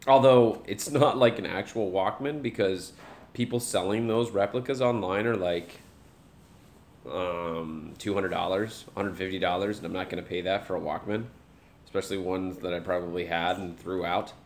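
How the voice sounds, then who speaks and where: A man's voice: sits low, steady tone, normal speed. A young man, a dad, joking casually with a live stream chat while talking to his baby.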